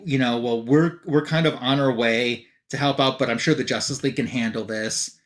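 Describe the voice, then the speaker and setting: A man hosting a live comic book stream, casually walking through a comic plot. He reads the characters' dialogue out loosely in a mid-pitched voice, with frequent fillers and restarts. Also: fairly bright tone. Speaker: comic book podcast host.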